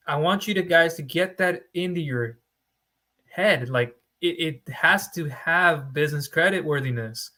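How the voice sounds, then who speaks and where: A man's voice: a little high, measured pace, pushed and bright. A young man, a small business funding broker, giving blunt tough-love advice straight to camera and firing off rhetorical questions. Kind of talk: direct-to-camera advice talk.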